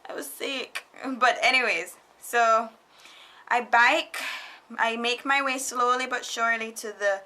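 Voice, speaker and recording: Young woman, bright voice, slightly high, casual storytime vlog, animated, laughs a lot. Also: measured pace. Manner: animated storytelling, laughing often, quoting others in put-on voices. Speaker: vlogger. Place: foreigner living in Japan.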